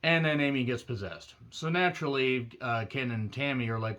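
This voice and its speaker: A man's voice: medium pitch, moderate pace, a bit bright. Rambling, wry man reviewing a movie. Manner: rambling, wry, with frequent filler words and self-corrections. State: throat strained from doing a demon voice. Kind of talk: casual spoilery movie review.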